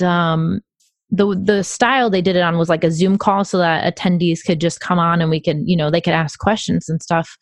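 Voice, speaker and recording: A woman talking casually about her tapping practice, chatty with lots of fillers and quick laughs. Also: lowish voice, no echo. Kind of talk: casual podcast conversation.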